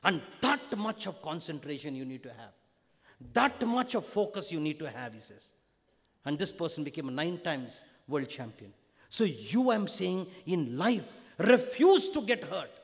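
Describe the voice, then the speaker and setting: A man with an Indian English accent giving a storytelling discourse to students, swinging between loud emphasis and hushed tones. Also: a little high, big pitch swings, moderate pace. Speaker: spiritual teacher. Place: large university auditorium. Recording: long auditorium reverb.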